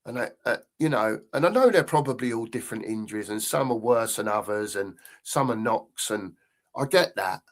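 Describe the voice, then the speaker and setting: A man's voice: lowish voice, lively intonation, moderate pace. An older man, chatting casually as host of a live fan stream, rambling and repeating himself as he reads out viewer comments.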